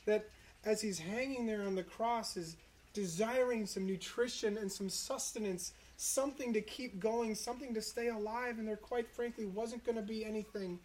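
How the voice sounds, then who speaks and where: A preacher giving an earnest, reflective sermon, citing scripture and slowing down to stress key moments. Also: mid-range voice, darkish tone, a little hiss or hum. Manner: earnest, reflective, slows for emphasis.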